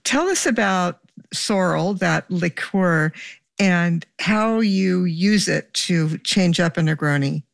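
A woman's voice: fairly low pitch, slow, gravelly, no echo, studio quality. A woman hosting an interview, asking curious and friendly questions. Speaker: interview host.

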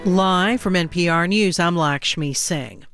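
A woman newscaster reading headlines in a measured, formal way. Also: on the low side, a bit bright, faint music behind. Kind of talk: news reading. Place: dry radio studio.

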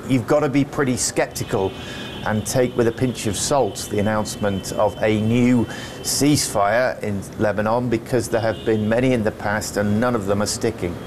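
A man's voice: fairly low pitch, noisy background. A man working as a news correspondent, answering live questions in a conversational, thoughtful way with occasional fillers.

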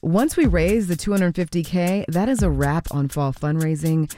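A woman's voice: lowish voice, normal speed, warm tone, soft background music. Easygoing woman radio DJ. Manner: easygoing, loose, with fillers and self-corrections. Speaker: radio DJ host. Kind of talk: casual on-air chat and pledge drive appeal. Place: radio studio.

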